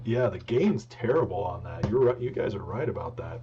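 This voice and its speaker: A man hosting a political live stream in casual talk, joking and rambling as he tries to speak softly. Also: fairly low pitch, lively intonation, normal speed. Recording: dull lo-fi with faint hum.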